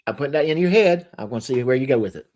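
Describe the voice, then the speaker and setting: A man hosting an easygoing livestream talk show. His voice swings widely in pitch as he jokes with guests, stumbling through fillers and restarts. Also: rapid-fire. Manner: animated, jokey, many fillers and restarts. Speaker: livestream host. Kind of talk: casual chat.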